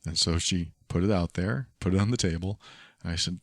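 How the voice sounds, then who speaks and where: A deep, gravelly male voice carries this solo podcast monologue. He speaks earnestly and reflectively, circling back to the same phrases as he works through his point. The sound is dry and close, with no room around it. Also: brisk, no room sound. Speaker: podcast host.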